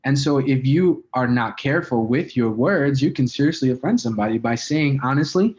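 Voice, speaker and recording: A man's voice: mid-range voice, lively intonation, a little fast, a little mellow. A man in a mid register runs a casual training session on persuasive speaking, talking loosely with fillers and frequent "right?" checks. The recording is dull and lo-fi. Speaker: sales communication trainer. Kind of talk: casual spoken training talk.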